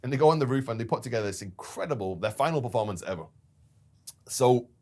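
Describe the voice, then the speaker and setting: A man co-hosting a casual business chat, telling stories in an animated way and laughing now and then. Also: medium pitch, quick pace. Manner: storytelling, animated retelling with laughs. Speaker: company founder and podcast co-host.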